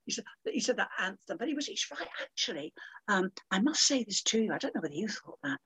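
An older woman telling lively anecdotes as an interview guest, theatrical and calling people dear and my love. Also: mid-range voice, quick pace, husky.

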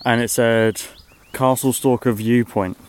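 Brief: casual male vlogger, mid-pitched, wry and teasing, faint background noise. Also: steady tone. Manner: wry, chatty, quick to tease. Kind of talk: casual chat. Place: parked van at a viewpoint.

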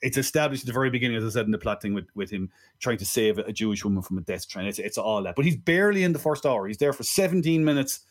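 An Irish podcast co-host talks very fast with hardly any pauses, his mid-range voice animated as he reviews films casually. He digresses often and keeps tossing in "right?" asides.

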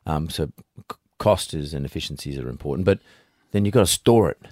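Very deep-voiced Australian man hosting. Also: fairly quick, a little mellow, dry recording, clean studio sound. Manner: blunt, rambling, frequent restarts. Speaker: podcast host. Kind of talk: casual interview.

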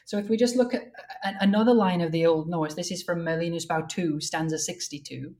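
A woman translator in an academic conversation, explaining her work carefully and reading verse lines slowly and deliberately. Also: on the low side, a little mellow. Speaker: translator of Old Norse verse.

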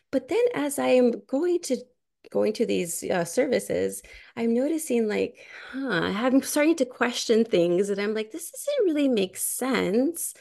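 A woman's voice: mid-range voice, gravelly, mellow. A woman podcast host telling a personal story in a chatty way, full of "like" and frequent laughter. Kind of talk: casual conversational storytelling.

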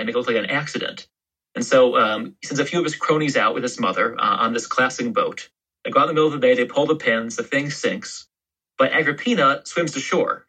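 Historian guest, male, bright and slightly husky, rambling explainer. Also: mid-range voice, rough recording. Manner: explains history in long, loose storytelling turns. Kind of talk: podcast interview.

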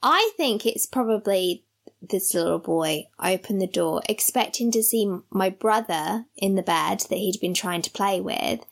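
A woman with a gravelly edge to her voice tells a spooky tale to a friend. She speaks casually and with animation, laughing now and then and acting out the people in her story. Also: medium pitch, unhurried. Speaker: podcast co-host.

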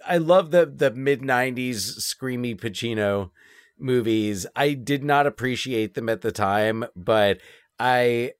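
A man of middle pitch talks about films in a loose, rambling way, often stopping to restart a sentence. The recording is dry and close, with no room sound. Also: a little slow, clean tone, no echo. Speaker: podcast co-host. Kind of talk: casual movie chat.

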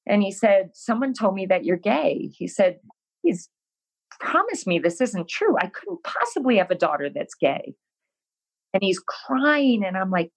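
A husky, mid-range female voice, a bit slow, comes through a rough recording. She's a guest in an interview recounting something from her own life with frank self-deprecation, re-enacting what she said back then with real animation.

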